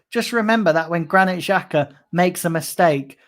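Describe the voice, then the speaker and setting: Brief: young bloke, fan-channel host, livestream rant, fuming, heavy swearing, biting sarcasm. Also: male voice, high voice, normal speed, hardly any pauses. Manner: angry, sweary, sarcastic ranting. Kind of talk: live-streamed fan rant.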